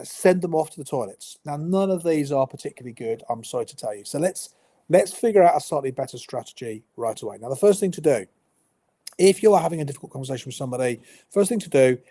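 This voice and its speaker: Guy trainer on a live stream, a bit high, mellow, chatty and dry-humoured. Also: expressive, fairly quick. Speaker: workplace communication trainer.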